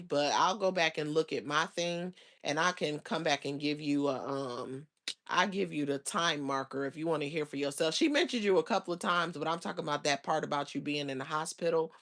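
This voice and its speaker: A woman hosting a casual livestream, chatting and rambling with her viewers in loose slang, now and then breaking into loud exasperated outbursts. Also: low-pitched, a little fast. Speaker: livestream host.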